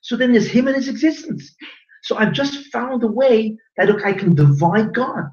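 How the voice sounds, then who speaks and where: A man teaching a class as a rabbi, animated and joking, quizzing his audience with questions. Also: sits high, moderate pace. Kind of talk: lively Torah class lecture. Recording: roomy lo-fi recording from a distance.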